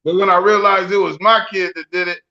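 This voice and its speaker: A man's voice: sits high, fairly even intonation, fairly quick, bright, forceful tone, muffled recording. A man in his forties co-hosting a podcast, telling profane, joking stories in casual banter. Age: 40s. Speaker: podcast co-host.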